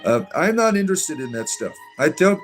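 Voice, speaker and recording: A man's voice: on the high side, big pitch swings, brisk, soft background music. A man with a Southern US accent hosting a livestream, reading chat comments aloud in a rambling, hesitant way full of uh's and restarts, sarcastic and defiant in his answers.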